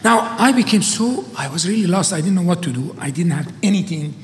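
Brief: male lecturer, high pitch, lively storyteller, faint hiss, long hall reverb. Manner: animated, with halting restarts. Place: conference hall.

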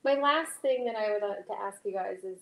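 A woman hosting a podcast interview, lively and chatty with lots of filler "like". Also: mid-range voice, fairly quick. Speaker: podcast host. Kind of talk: casual interview chat. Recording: echoey room.

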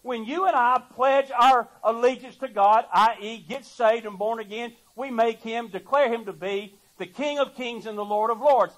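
A man's voice: very high voice, moderate pace, few pauses, fairly bright tone, low-quality recording. A man preaching a sermon, emphatic and folksy, repeating words as he builds his point. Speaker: pastor.

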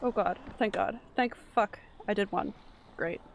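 A woman's voice: medium pitch, unhurried, vocal fry, slight background noise. A woman streaming a game live, giving an anxious running commentary full of swearing.

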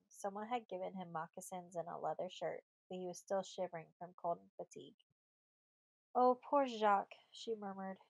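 Lady reading a storybook aloud, steady pace, mid pitch, dry no-echo sound. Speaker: audiobook narrator. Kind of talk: scripted narration.

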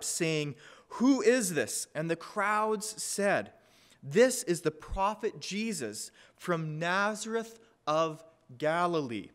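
A man preaching a sermon as pastor, reading scripture aloud with an expressive, emphatic delivery. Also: sits high. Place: church.

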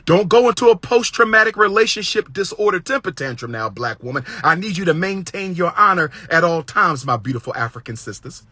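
A man lecturing with passion in a preacherly, repetitive cadence, swinging from loud high exclamations to low hushed asides. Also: very animated, brisk, hardly any pauses, slightly rough, no room sound. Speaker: public speaker giving relationship advice. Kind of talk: impassioned lecture.

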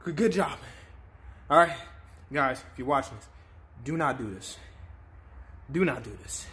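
Young male vlogger, in pain, sniffling, casual pleading tone, mid-pitched. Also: animated, a little slow, a bit bright, a little hiss or hum. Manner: distressed, repetitive pleading. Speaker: YouTuber doing a spicy chip challenge. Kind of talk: casual vlog to camera.

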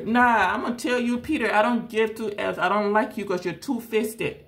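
A woman with a voice of middling pitch addresses her viewers directly. She hosts a tarot channel and talks in a blunt, confrontational rant. She circles back to the same points again and again. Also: normal speed. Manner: confrontational, blunt, repeats herself.

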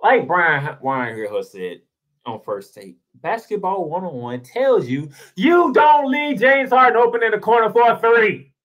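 A man's voice: sits high, big pitch swings, measured pace, a bit bright. A man giving a heated solo basketball commentary, ranting and firing rhetorical questions at the team. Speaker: sports blogger.

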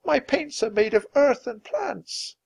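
A man reading aloud voices a frail, kindly old male monk with a thin, shaky voice and a gentle, slow way of speaking. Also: extremely high pitch, expressive, vocal fry, husky, voice pushed up, exaggerated voice.

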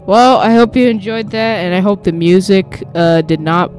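A woman hosting a gaming video, giving loud, jumpy commentary as she plays, swearing and laughing at the scares. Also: mid-range voice, normal speed, faint music behind. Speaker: gaming channel host. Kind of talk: reactive let's-play commentary.

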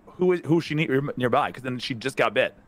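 A man's voice: medium pitch, expressive, fast, a bit bright. A man on a group game call, jokingly accusing other players and arguing his case. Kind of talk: casual gaming chat.

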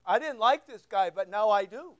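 Orta yaşlı erkek vaiz, tiz sesli, kilisede sohbet havasında vaaz veriyor. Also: male voice, high-pitched, expressive, moderate pace, a bit bright, rough recording. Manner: conversational, repeats words, asks the room questions. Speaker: pastor. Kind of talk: sermon. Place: church.

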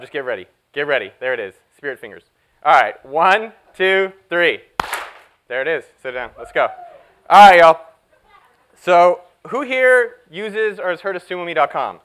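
A man giving a live conference talk, energetic and jokey as he hypes up the audience. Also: fairly high pitch, rough recording. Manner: energetic, jokey, hyping up the crowd. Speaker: keynote speaker.

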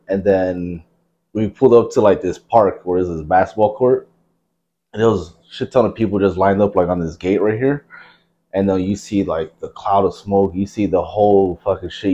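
A man in his thirties from New Jersey hosts a podcast, his low, mellow voice coming through a muffled recording. He tells stories in casual chat, rambling and full of profanity.

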